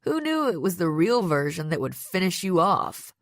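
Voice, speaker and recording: Lady doing a sneery sarcastic bad guy, low-ish voice, dry sound. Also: sing-song, moderate pace, no echo. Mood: sneering. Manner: sarcastic, mocking, smug. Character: sneering young male villain, smug and cruel. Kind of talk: audiobook character voice.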